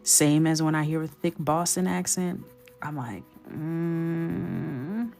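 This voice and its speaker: A woman's voice: deep voice, fairly even intonation, moderate pace, darkish tone, soft background music. A woman hosting a live coloring stream, chatting playfully with her viewers and often dropping into a whisper. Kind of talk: casual live-stream chat.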